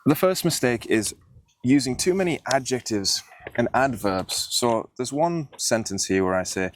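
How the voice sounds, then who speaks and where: A man's voice: mid-range voice, animated, unhurried. A young man hosting a writing video, explaining mistakes in his old story in a plain, self-critical way. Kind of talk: casual teaching monologue.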